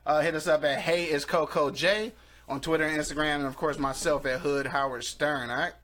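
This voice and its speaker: A man's voice: fairly high pitch, steady tone, fairly quick, a bit bright. Laid-back man hosting a casual podcast. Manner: laid-back slangy banter, laughs often. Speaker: host. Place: small studio.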